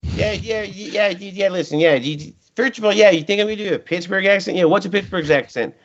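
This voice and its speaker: A man doing a loudmouth stuffed bear, brash and rambling, pitched a bit high, raised voice, muffled lo-fi sound. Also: a little fast. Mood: brash mocking. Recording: muffled lo-fi audio.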